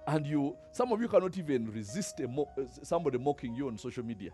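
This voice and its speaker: A man's voice: medium pitch, lively intonation, fast talker, mellow, faint music behind. A man preaching a conversational sermon, asking the congregation rhetorical questions and laughing between points. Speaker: pastor.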